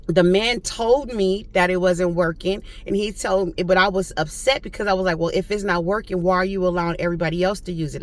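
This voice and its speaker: A young woman, telling a story from her week in a chatty vlog monologue that turns preachy and faith-filled. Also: medium pitch. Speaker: vlogger.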